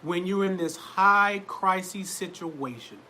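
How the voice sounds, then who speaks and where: A man's voice: high-pitched, takes it slowly, sharp tone. A man giving an earnest, reflective talk and explaining his points step by step. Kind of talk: reflective talk about manhood.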